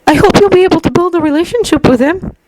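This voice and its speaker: A woman voicing an excitable, gentle teenage boy who sounds bright, earnest and eager. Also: very high voice, quick pace, slight background noise, pitched above the performer's own voice. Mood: earnest, caring.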